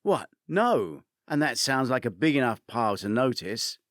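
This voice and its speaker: A man's voice: mid-range voice, big pitch swings, moderate pace, fairly bright tone, no echo, clean studio sound. A man voicing a cornered, defiant female accomplice who answers in insistent, clipped replies. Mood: flustered.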